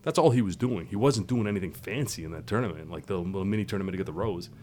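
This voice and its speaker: Fast-talking man telling stories. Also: low voice, slight background noise. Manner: excited storyteller, laughs hard at his own stories. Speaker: podcast co-host. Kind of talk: casual chat.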